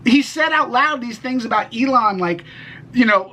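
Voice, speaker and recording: A man's voice: extremely high pitch, expressive, moderate pace, pushed and bright, rough recording. A man co-hosting a casual political podcast, rambling with many restarts and the odd swear word. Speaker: podcast co-host.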